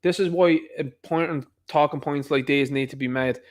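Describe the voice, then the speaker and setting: A man's voice: fairly high pitch, fairly even intonation, normal speed. A man with an Irish accent delivering an opinionated monologue, emphatic and repetitive, firing off rhetorical questions. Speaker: online commentator.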